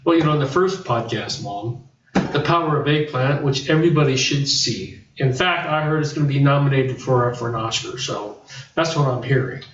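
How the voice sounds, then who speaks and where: A man's voice: medium pitch, moderate pace. A man joining a casual cooking show chat, teasing and telling a playful story. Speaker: host's son. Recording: roomy, distant, dull, faint hiss.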